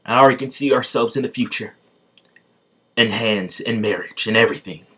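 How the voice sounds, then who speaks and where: A man's voice: mid-range voice, a little fast, a bit bright, slightly rough. A man voicing an eager, jokey young male knight in a spoken fan story, reading the lines plainly in his own voice.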